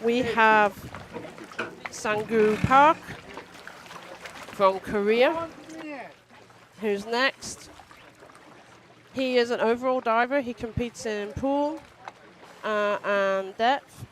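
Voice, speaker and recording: Informative woman commentator over steady noise. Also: a little high, drawn-out words, long pauses. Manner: informative, explains the athletes' records. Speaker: live sports commentator. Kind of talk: live sports commentary.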